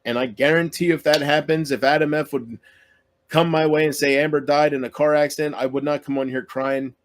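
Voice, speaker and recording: A man's voice: on the high side, steady tone, fairly quick. Guy on his channel ranting, hurt and bitter, cursing a lot, keeps trailing off. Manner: aggrieved, self-pitying, swearing, trailing off mid-sentence. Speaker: YouTuber. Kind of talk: emotional solo rant to camera.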